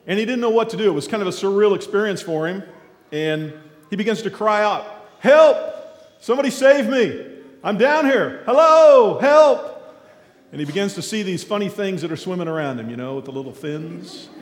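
A man speaking as a guest at a church, telling a folksy story as a sermon. He talks haltingly with many fillers, then gets lively and shouts out the characters' cries. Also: high voice. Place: large echoing church hall. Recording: echoey hall with long reverb.

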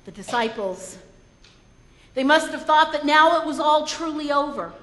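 A woman's voice: high voice, animated, normal speed, fairly bright tone. A woman preacher retelling a story in a sermon, earnest and reflective, often repeating words as she goes. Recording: echoey hall.

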